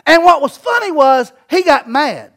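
A man, preaching a sermon emphatically and swelling to shouts. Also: very high-pitched, sing-song, normal speed. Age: 40s. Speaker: pastor.

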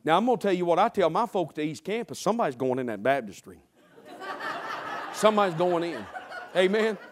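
A man's voice: sits high, sing-song, brisk, noisy background. A man preaching a sermon as pastor, emphatic, repetitive and humorous.

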